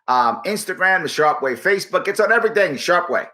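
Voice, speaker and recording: A man's voice: sits high, expressive, brisk, pushed and bright. A man speaking as an interview guest, emphatic and punchy, repeating key words for effect. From United States. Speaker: guest, political activist. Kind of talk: persuasive interview talk.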